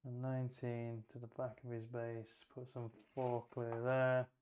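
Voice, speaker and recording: A man's voice: mid-range voice, monotone, measured pace, a little mellow. A man playing a tabletop wargame, thinking aloud as he moves models, measures ranges and rolls dice in casual play commentary.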